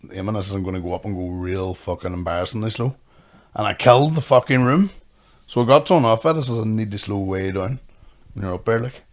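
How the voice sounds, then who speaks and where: A Northern Irish man trades quick, crude jokes as a podcast co-host. His talk is loose and casual, full of swearing and laughter. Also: lowish voice. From Northern Ireland. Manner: sweary, fast, joking banter. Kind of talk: casual chat.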